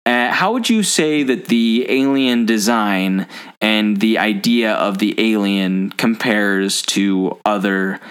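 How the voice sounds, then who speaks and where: A man's voice: fairly low pitch, takes it slowly, a bit bright, smooth. A man hosting a casual movie-discussion podcast, chatty and rambling with lots of fillers. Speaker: podcast host.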